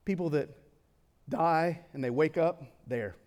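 A young man preaching a sermon in a casual, conversational way, swinging from excited to hushed and solemn. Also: a little high, unhurried. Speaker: pastor.

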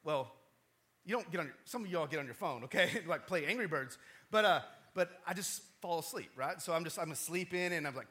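A bright, high-pitched man delivers a sermon as a pastor. He tells a story with a lively, widely swinging voice. His tone is chatty, and he keeps checking in with his congregation. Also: fairly quick. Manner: animated, conversational, keeps checking in with the audience.

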